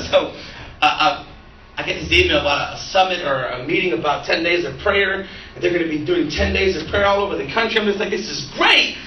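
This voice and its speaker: A man preaching as a pastor, an animated storyteller who laughs and acts out the dialogue. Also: a little high, lo-fi sound, slight background noise. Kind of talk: sermon with storytelling. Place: church sanctuary. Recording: echoey room from a distant mic.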